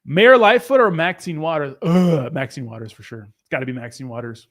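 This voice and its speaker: A man's voice: fairly high pitch, huge pitch swings, moderate pace, few pauses. A young man hosting a crypto livestream who reads out viewer comments in casual, rambling, profane chat.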